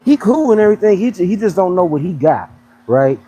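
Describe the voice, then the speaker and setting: A man's voice: high-pitched, sing-song, brisk, mellow, a little hiss or hum, poor audio. A young man who coaches fitness, chatting on a casual livestream in a joking, slangy way. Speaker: fitness coach and pro bodybuilder.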